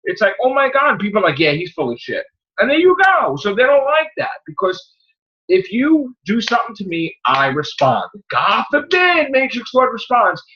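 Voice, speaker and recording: A man's voice: very animated, moderate pace, dull audio. A man hosting a casual podcast chat, ranting in an exasperated voice. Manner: exasperated, ranting, swinging pitch. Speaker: podcast host.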